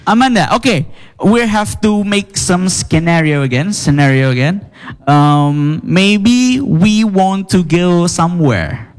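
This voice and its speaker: A man's voice: high-pitched, animated, slow pace. A man co-hosting an English class, playful and cajoling as he urges students to come forward. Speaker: class co-host.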